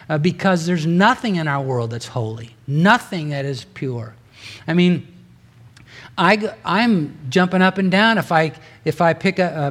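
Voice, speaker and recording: Earnest male preacher, higher-pitched voice. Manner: earnest, rises in pitch and force for emphasis; conversational with asides and restarts. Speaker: pastor. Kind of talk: sermon.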